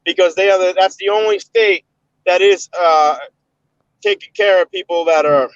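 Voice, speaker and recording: A man's voice: high-pitched, normal speed, no echo. Profane joking man on a dull line. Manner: profane, playful, laughs a lot. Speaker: panel member. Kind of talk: joking banter on a call-in panel.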